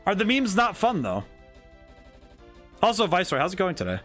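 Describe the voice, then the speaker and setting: A man's voice: high-pitched, a little fast, soft background music. A man commentating his game stream casually, joking and chatting with viewers. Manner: excitable, jokey, chats with viewers.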